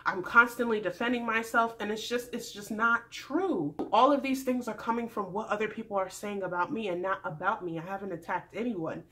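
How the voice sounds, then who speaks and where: A woman imitating an earnest young man who pleads softly and insistently. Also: mid-range voice, a little fast, few pauses, lightly acted. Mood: pleading.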